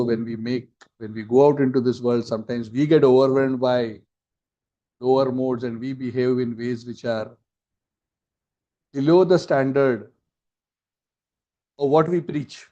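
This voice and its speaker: A man's voice: medium pitch, dark tone. A man teaching a scripture class, telling the story with acted quotes and asides, on a dull lo-fi recording.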